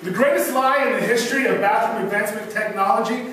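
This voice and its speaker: A man doing a stand-up comedy set, trading deadpan one-liners and self-mocking asides from a club stage. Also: high-pitched, fast talker. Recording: echoey club room from far off, noisy.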